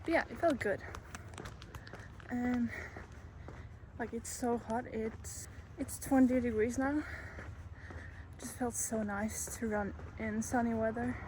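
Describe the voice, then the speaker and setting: A woman in her twenties vlogging in a relaxed, chatty way, talking while she walks and moves around outside. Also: on the high side, slow pace, long pauses, low-quality recording. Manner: chatty, relaxed, talks while walking and moving. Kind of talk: casual vlog narration. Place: outdoors in the sun. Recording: outdoor noise behind.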